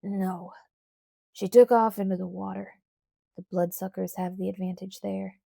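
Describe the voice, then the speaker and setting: A woman reading the lines of a young man in an audiobook, worried and angry, speaking low and urgently. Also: steady tone, measured pace, gravelly, dark tone, no room sound, clean studio sound.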